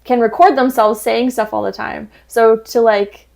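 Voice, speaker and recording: A woman co-hosting a podcast in casual chat over drinks, talking fast with lots of fillers and frequent laughter, recorded on an indoor podcast set. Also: a little high, steady tone, vocal fry, a little mellow. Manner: chatty and giggly, many "like" fillers. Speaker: podcast co-host.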